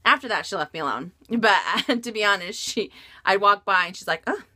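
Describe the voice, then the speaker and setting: A woman's voice: mid-range voice, expressive, a little fast, bright, forceful tone. A woman vlogger answering viewer questions about luxury bags in frank, chatty talk with frequent laughs and fillers. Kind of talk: casual Q&A vlog chat.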